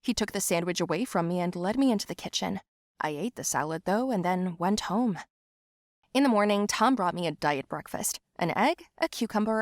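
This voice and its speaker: A woman narrating a first-person animated story in an expressive, lively way. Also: on the low side, no echo, studio quality.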